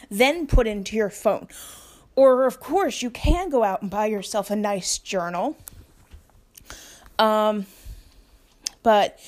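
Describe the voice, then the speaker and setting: This woman, a solo vlogger, speaks to her viewers about spiritual practice in a mid-range voice with no room sound. She's casual and reflective but halting, leaning heavily on fillers while searching for words.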